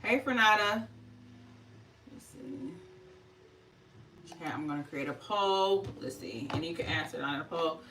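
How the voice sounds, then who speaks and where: A woman's voice: low voice, lively intonation, measured pace, pauses often, a bit bright, far from the mic, a little hiss or hum, poor audio. A middle-aged woman hosting a casual skincare livestream, chatty and laughing often.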